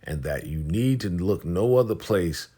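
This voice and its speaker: A TV recap host, a man with a very low, dark voice and a breathy edge, goes over an episode in loose, slangy terms. He's animated but a little slow, paraphrasing the characters' lines as if filling in a friend on what happened.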